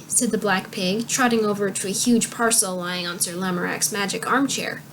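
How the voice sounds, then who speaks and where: A young woman reading a children's book aloud as a storyteller, with clear, expressive narration. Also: mid-range voice, normal speed, slight background noise.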